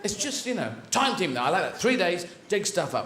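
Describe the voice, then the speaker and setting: A man's voice: high-pitched, big pitch swings, a little fast, hardly any pauses, very noisy. A man performing a rambling, digressive stand-up routine on a large theatre stage, heard with audience laughter in an echoey hall. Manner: rambling, digressive, self-correcting. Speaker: stand-up comedian.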